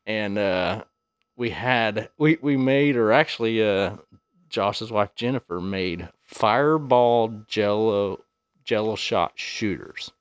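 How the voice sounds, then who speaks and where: A man's voice: lowish voice, slow pace, clean tone, dry recording. Guest man, easygoing storyteller who swears a lot. Dry, close mic. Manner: laid-back, cusses freely. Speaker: podcast guest. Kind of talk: casual storytelling.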